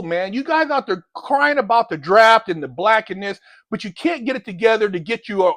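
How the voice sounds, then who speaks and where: A man's voice: high voice, a bit bright, no room sound. A man ranting bluntly in a heated, lecturing commentary, using street slang, as a motivational vlogger.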